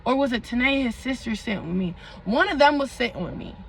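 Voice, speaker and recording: A young woman vlogger telling a storytime in a dramatic, animated way, full of slang and asides to her viewers. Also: on the high side, quick pace, slight background noise, poor audio. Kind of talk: storytime vlog.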